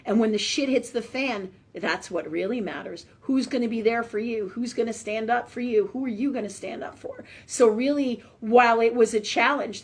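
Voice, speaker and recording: Chatting and praying as a medium on a live spiritual forum, a woman constantly asks "right?" at the end of her sentences. She speaks in a fairly high, husky voice with a darkish tone.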